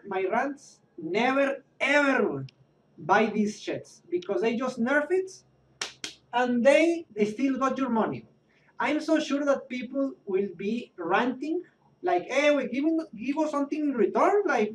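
A man vents his exasperation, repeating himself, cursing and restarting his sentences. He sounds a little far from the mic, with a faint hum in the background. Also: high voice. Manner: exasperated, repetitive, swearing, restarts often. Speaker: Twitch streamer. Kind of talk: rant about a card game.

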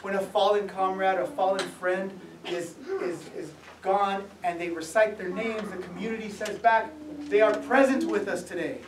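A middle-aged man giving an author talk at a museum, speaking conversationally with gentle humor and some restarts. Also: high-pitched, fairly even intonation, moderate pace, noisy background. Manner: conversational, self-deprecating humor, frequent restarts. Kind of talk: public talk with slides. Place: museum event room. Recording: echoey room, mic at a distance.

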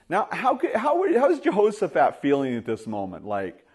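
A man preaching a sermon as pastor, telling stories and acting out the dialogue, often with "you know", rising louder and higher to stress his points. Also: wildly swooping pitch, fairly quick, few pauses, husky. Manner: storytelling, acts out dialogue, rises loud and high when stressing points; many fillers like "you know".

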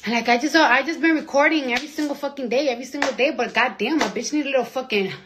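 A young woman from the New York area talking to viewers on a phone live stream, rambling and swearing, swinging between loud outbursts and near-whispers. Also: high voice, quick pace, noisy background. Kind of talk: casual live-stream rant.

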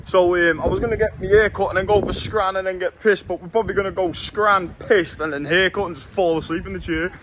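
A young man chats to his camera as he walks city streets, blunt, jokey and quick to swear. His voice sits high for a man, and traffic and street noise carry clearly behind him. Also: steady tone. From England. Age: 20s. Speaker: travel vlogger. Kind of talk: casual walking vlog.

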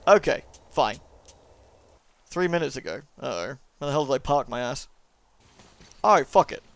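A man's voice: mid-range voice, animated, moderate pace, vocal fry, a bit bright, dry recording. A young man giving casual, jokey let's-play commentary, swearing and chatting to the game character. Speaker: gaming YouTuber.

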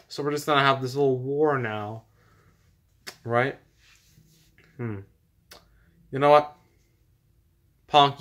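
A man's voice: mid-range voice, a bit bright. Cocky, whiny male wrestler, voiced by a man, fan parody, plain mid voice. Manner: boastful, needling trash talk. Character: arrogant male pro wrestler, boastful and whiny.

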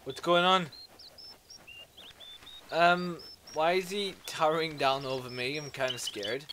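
A man giving casual let's play commentary, playfully talking to game creatures and breaking into excitable exclamations. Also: a little high, measured pace, pauses often, slight background noise.

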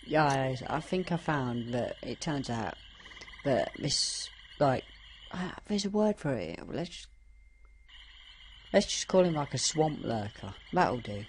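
Deep-voiced woman chatting through a game. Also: expressive, takes it slowly, a little hiss or hum. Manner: chatty, rambling, with many fillers. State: voice strained. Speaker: gameplay commentator. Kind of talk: casual playthrough commentary.

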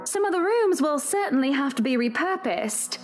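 A woman's voice: high voice, lively intonation, moderate pace, soft background music. A genteel, gushing rich lady. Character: poised wealthy woman buying a mansion. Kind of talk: game voice acting.

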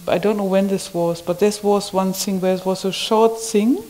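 A woman recalling a personal experience in conversation, halting and marvelling, often ending phrases with a questioning "yeah?". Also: mid-range voice, fairly even intonation, dark tone, rough recording. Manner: wondering, marvelling delivery. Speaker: community member sharing an experience.

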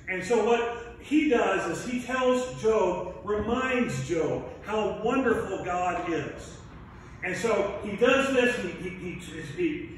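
A male pastor preaching a sermon, retelling a story in a relaxed, conversational way with touches of humor. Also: high-pitched, slight background noise. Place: church sanctuary. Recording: very echoey room, mic at a distance.

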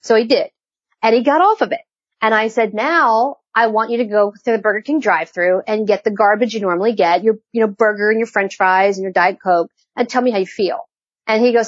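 A woman's voice: fairly high pitch, brisk, no room sound, highs cut off. A woman hosting an interview, telling stories and acting out the people she quotes. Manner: animated storyteller, acts out quoted dialogue. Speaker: podcast host. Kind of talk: casual interview chat.

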